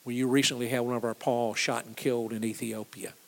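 A man leading a church missions talk speaks a little fast with a medium pitch and flat delivery. As the missions ministry leader, he emphatically repeats key phrases and calls on the audience to repeat after him.

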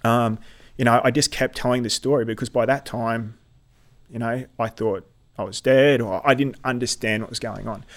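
A middle-aged man, a military veteran telling his story in an earnest, halting way with many restarts. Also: mid-range voice, steady tone. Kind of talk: personal storytelling in conversation.

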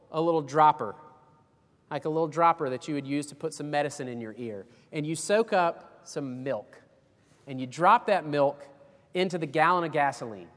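A man's voice: a little high, a bit bright, long reverb tail. A man preaching a sermon as pastor, folksy and emphatic, with homespun illustrations.

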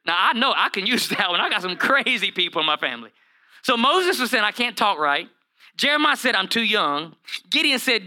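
Bright, animated preaching man. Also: very high voice, moderate pace, long pauses. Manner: animated, acts out Bible characters in funny voices, calls to the congregation by name. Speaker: pastor. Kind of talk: sermon.

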